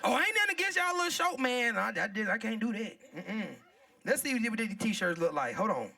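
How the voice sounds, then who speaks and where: A woman hosting a live comedy show, loud and playful, laughing and talking straight to the crowd. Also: fairly high pitch, very animated, brisk, vocal fry, recorded from a distance. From Southern United States.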